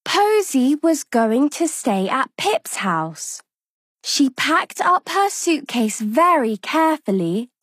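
A woman reading a children's bedtime story aloud in a slow, expressive, sing-song way. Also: high voice, no room sound, clean studio sound. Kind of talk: scripted bedtime story narration.

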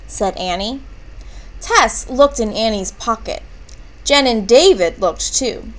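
A woman reading a children's storybook aloud, expressive, with excited shouts for the characters' lines. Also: mid-range voice, slow pace. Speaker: reader. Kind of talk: children's book read-aloud.

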